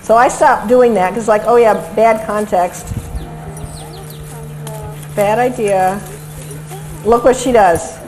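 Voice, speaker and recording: A woman lecturing on dog behavior over video clips, lively and acting out what the dogs seem to think. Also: mid-range voice, slow, pauses often, a little hiss or hum, low-quality recording. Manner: lively, acts out dogs' thoughts in quotes.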